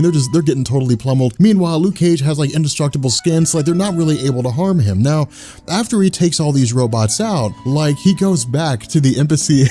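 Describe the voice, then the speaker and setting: A man's voice: mid-range voice, warm tone. A man hosting a casual chat, rambling through a story and laughing often. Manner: laughing, rambling retelling of a comic plot. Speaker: host.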